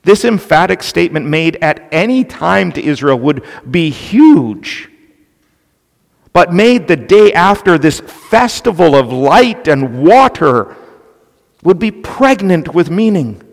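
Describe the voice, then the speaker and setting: A man preaching an expository sermon, slow and deliberate, stressing key points with emphasis. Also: a little high, sing-song, creaky. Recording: long reverb of a large hall.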